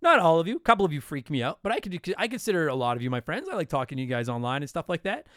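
A man's voice: on the high side, big pitch swings, racing, a bit bright, dry recording, studio quality. A man in his thirties from Canada hosting a casual solo podcast, answering listener questions in a blunt, profane, joking way.

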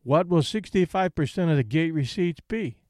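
A man's voice: fairly high pitch, normal speed, dry recording, studio quality, natural voice. A man reading an audiobook, voicing a cold, defiant young male fighter who speaks curtly and with finality. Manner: curt, flat, final.

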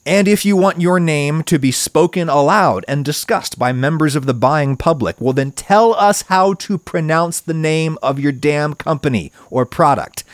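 A man's voice: no room sound, studio quality. A man hosting a solo video essay, giving opinionated commentary in a wry, emphatic way and leaning hard on stressed words. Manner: wry, emphatic, wide swings in pitch for stress.

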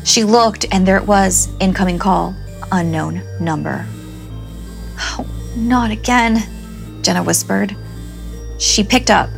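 A woman narrating a scripted horror story, speaking dramatically and shifting between brisk and drawn-out delivery. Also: on the low side, fairly even intonation, vocal fry, faint music behind.

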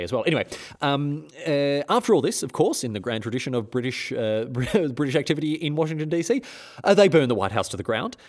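A man hosting a history podcast, telling the story in a jokey, sarcastic way with many restarts. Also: mid-range voice.

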